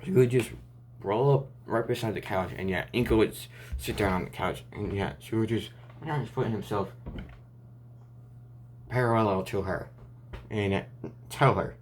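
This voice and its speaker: Rambling low-voiced man telling a story. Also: normal speed, pauses often, slight background noise. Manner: rambling, restarting often with "and yeah". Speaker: fan fiction storyteller. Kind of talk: improvised story narration.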